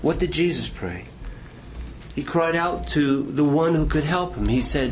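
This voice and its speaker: A man preaching a sermon with passion, swinging between strong emphasis and quiet, near-whispered lines. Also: on the high side, slight background noise. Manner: impassioned preaching with dramatic pauses and dropping to near whisper. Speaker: pastor.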